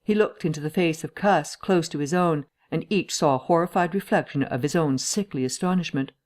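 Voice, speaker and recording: A woman reading a classic novel aloud as an audiobook narrator, in measured storytelling. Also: deep voice, darkish tone. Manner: measured storytelling, shifts voice for each character. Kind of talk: scripted narration.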